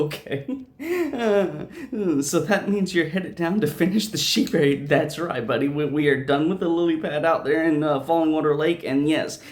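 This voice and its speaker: A man hosting an unscripted gameplay video, rambling and chatty, stumbling and restarting his sentences a lot. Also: medium pitch. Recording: roomy echo.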